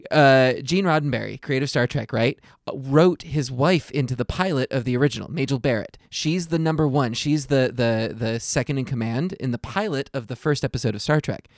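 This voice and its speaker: A man's voice: medium pitch, fairly quick, few pauses, no echo. A man co-hosting a casual podcast, recorded dry and close with a mid-range voice. He tells stories with lots of energy and jumps up into quoted voices. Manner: animated storyteller, acts out quotes in raised voices. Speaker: podcast co-host. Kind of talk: casual chat about a TV show.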